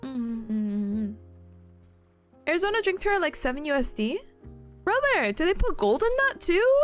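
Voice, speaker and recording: A young woman chats casually on a live stream, her voice high and swinging widely in pitch. She giggles a lot and drops into silly playful voices. Faint music plays quietly behind her. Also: very animated, a little slow, pauses often.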